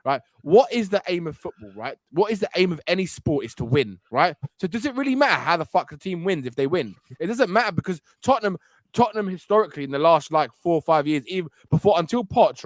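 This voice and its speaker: A man's voice: on the high side, big pitch swings, fast talker, dry recording. A man arguing insistently in a football podcast chat, tagging points with "right?". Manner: insistent, keeps asking "right?". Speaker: podcast co-host. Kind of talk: heated casual banter.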